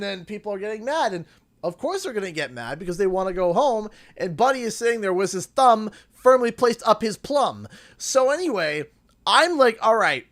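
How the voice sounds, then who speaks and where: A Canadian man telling a story on a casual livestream. His voice is bright and forceful. He acts out each person in the story, jumping into loud, drawn-out bits of dialogue. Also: high-pitched. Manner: animated, acts out the people in his stories. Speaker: streamer.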